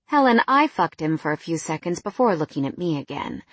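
A woman's voice: deep voice, big pitch swings, fairly quick, slightly rough, no room sound. A woman narrating a first-person novel in a wry, candid tone.

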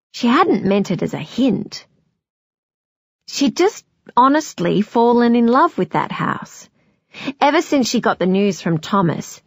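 A woman narrating a novel in a measured, expressive storytelling voice. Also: mid-range voice, no room sound, clean studio sound. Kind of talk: scripted audiobook narration.

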